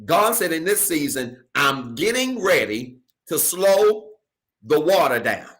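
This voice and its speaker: Bright-voiced preaching man, rising to hollers. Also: a little high, sing-song, slow pace. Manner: preaching with call-and-response questions, building to shouts. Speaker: pastor. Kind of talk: sermon. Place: church stage.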